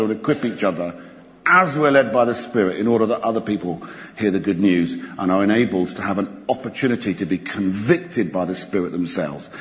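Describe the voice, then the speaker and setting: A man preaching a sermon in a church, expressive and animated, slowing down dramatically for emphasis. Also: lowish voice. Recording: church hall reverb.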